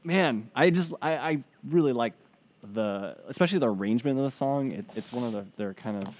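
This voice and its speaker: A man's voice: mid-range voice, expressive, brisk, darkish tone, a little hiss or hum. A man co-hosting a podcast, talking casually and hesitantly with many fillers. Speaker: podcast co-host. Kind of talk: casual chat.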